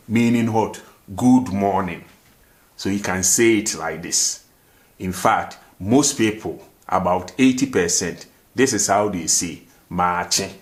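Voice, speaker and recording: Slow, deliberate man teaching. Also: sits low. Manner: drills phrases, asks rhetorical "what?" questions. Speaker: language teacher, show host. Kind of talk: language lesson, slow and repetitive.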